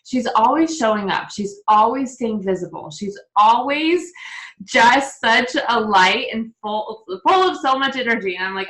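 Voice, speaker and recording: A woman's voice: fairly high pitch, animated, unhurried, pushed and bright, reverberant, rough recording. A woman hosting a video call, introducing her guest in a gushing, effusive way. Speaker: host.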